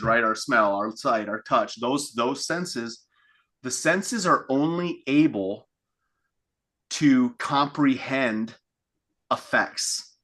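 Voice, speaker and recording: A man's voice: mid-range voice, bright, forceful tone. A man giving a reflective coaching talk, thinking aloud with restarts and acting out inner thoughts in quotes. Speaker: fitness coach. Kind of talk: coaching call monologue.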